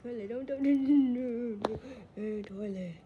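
Woman, silly game commentary, playful, repetitive, giggly, slow. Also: on the high side, dull audio, a little hiss or hum. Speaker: gaming channel host.

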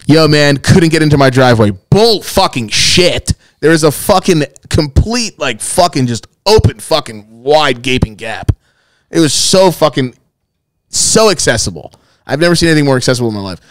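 A man co-hosting a casual podcast, telling animated, profanity-laced stories. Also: a little high, moderate pace, no echo. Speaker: podcast co-host.

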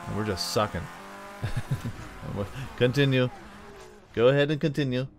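A man's voice: mid-range voice, a little slow, long pauses, background noise. A man hosting a casual let's-play, joking and grumbling at the game while he plays, with the hiccups. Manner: animated, joking, talks back to the game. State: has the hiccups. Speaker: gaming channel host.

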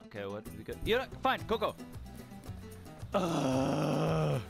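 A man's voice: fairly high pitch, wildly swooping pitch, fast, music in the background. A young man giving casual let's play commentary, profane, exasperated and joking. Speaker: gamer.

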